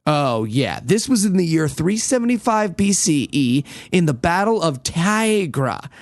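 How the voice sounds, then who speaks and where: Playful, high-voiced man joking on a podcast. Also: very animated, normal speed, darkish tone, dry recording. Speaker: podcast host. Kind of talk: comedic podcast chat.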